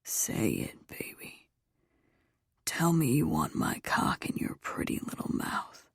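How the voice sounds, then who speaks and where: A woman voicing an intense young male lover in a whispered role-play, with a low, husky, coaxing whisper. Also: wildly swooping pitch, takes it slowly, no echo, clean studio sound, heavily acted. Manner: coaxing, insistent.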